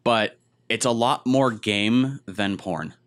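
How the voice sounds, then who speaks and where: A man with a fairly low, clean and resonant voice hosts a loose gaming chat. He rambles through his anecdotes and acts out what other people said along the way. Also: slow pace, a bit bright. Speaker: podcast co-host.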